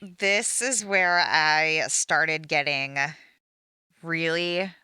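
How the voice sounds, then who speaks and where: A woman's voice: sits low, very slow, pushed and bright, smooth, no room sound, studio quality. A woman co-hosting a podcast, recapping a reality show in casual chat. She talks bluntly and sarcastically and swears freely. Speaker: podcast co-host.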